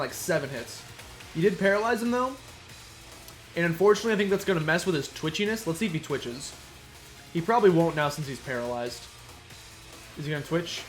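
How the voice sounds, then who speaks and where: A man giving casual, playful commentary while playing a video game, chatting and muttering asides. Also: fairly high pitch. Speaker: let's play streamer. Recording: faint game music behind.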